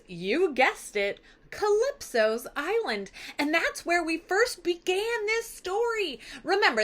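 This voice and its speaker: A woman teacher recapping a story in an animated, conversational way. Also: high voice. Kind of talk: recap lesson.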